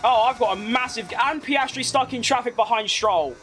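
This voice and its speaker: A man giving live commentary over his racing game, excitable and quick to shout at close calls, with casual swearing. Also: extremely high pitch, slight background noise. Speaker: gaming creator.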